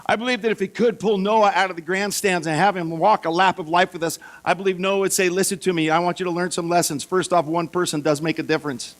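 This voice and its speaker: A man preaching a sermon, telling Bible stories in a lively way and acting out the voices of the figures. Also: high voice, fast talker, hardly any pauses. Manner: lively storytelling, acts out voices for biblical figures. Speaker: pastor.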